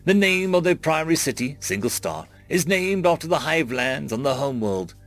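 Guy reading a story, gravelly voice, lively pitch, faint music behind. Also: normal speed. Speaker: narrator. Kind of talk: scripted story narration.

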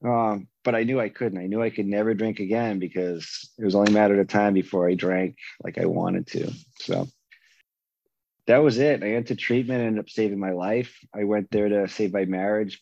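A man candidly recounting his own story, animated and acting out the lines of the people in it. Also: on the low side, a little fast, muffled recording. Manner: animated, acts out other people's lines in a raised voice. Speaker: guest telling his recovery story.

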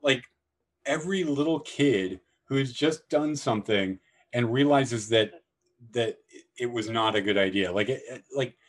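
A man chats about films on a podcast, rambling and full of restarts. His voice sits at a middle pitch, and he bursts into raised, excited voices when he quotes scenes. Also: unhurried, poor audio. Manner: rambling, animated, acts out movie lines in high voices. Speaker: podcast host. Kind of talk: casual film discussion.

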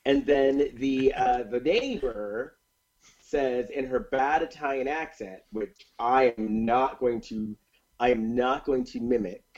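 A man's voice: medium pitch, takes it slowly, lo-fi sound. A man casually recapping a movie's plot in a podcast chat, with lots of fillers and restarts. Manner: animated retelling of a plot, with many fillers and restarts.

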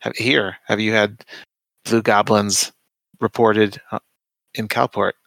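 Low-voiced man playing in character. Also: flat delivery, slow pace, creaky, a bit bright, dry recording, low-quality recording. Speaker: player. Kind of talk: in-character role-play.

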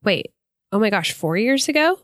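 A woman in her thirties co-hosting a podcast, nasal and stuffed up from a cold, chatty and quick to laugh. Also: mid-range voice, sing-song, no room sound, studio quality. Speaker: podcast co-host. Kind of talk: casual chat.

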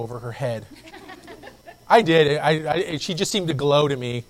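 A man preaching a sermon as pastor, telling stories with lively acted-out voices and repeating phrases as he goes. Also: a little high, moderate pace, pauses often, poor audio. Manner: animated storytelling, acts out quoted voices. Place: church.

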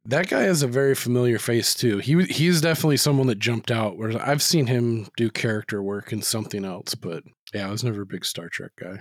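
A man's voice: mid-range voice, fairly quick, few pauses, no room sound, clean studio sound. A man talking loosely in a casual podcast chat, rambling with lots of "like" and swearing freely.

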